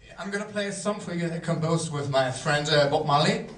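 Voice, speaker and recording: A man's voice: on the high side, fast, very noisy. A man with a German accent doing comedy banter on a live stage, leading the audience. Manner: joking, leads the audience. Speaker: cabaret performer. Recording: echoey, from far off, over loud guitar. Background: loud guitar music.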